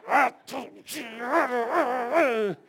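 A man's voice: extremely high pitch, extremely slow, background noise. A middle-aged man, preaching a sermon in a folksy, colloquial, fervent storytelling style.

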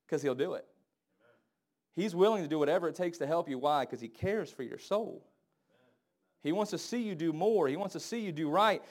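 A married man preaching a sermon, acting out the people he quotes with big jumps in loudness and pitch. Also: a little fast. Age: adult, married. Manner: animated, acts out quoted voices with big swings in pitch and volume.

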